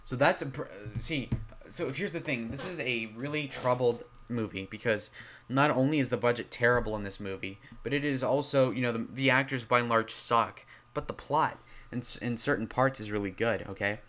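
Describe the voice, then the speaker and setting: A man reviewing horror films in a loud, rambling way, full of fillers and restarts, his voice strained from talking loudly. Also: medium pitch, brisk, a little hiss or hum. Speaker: movie reviewer. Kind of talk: casual spoken film review.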